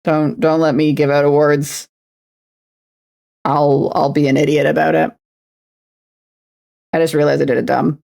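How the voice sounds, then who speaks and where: A young Canadian woman chats easily with her stream audience while she paints a model. Her voice sits a little low, and she takes her time with each phrase, teasing herself as she goes. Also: flat delivery, a little slow, vocal fry, long pauses, darkish tone. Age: 20s. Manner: playful and self-mocking, slips into announcer voices. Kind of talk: casual livestream chat while painting a miniature.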